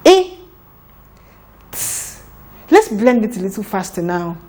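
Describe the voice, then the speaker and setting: A woman teaching a children's phonics lesson, sounding out letters slowly and deliberately. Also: mid-range voice, big pitch swings, dark tone.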